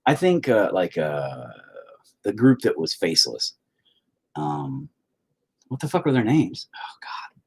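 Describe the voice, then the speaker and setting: Young male streamer, low husky voice, lively swings in pitch, rambling and profane. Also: unhurried, pauses often. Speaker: livestreamer painting while chatting. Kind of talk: casual stream chat. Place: home, indoors.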